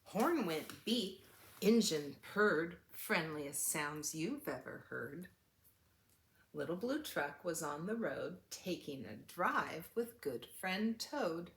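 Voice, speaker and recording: An older woman reading a picture book aloud to children, animated and asking them questions. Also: fairly low pitch, slow pace, reverberant. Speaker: children's story reader.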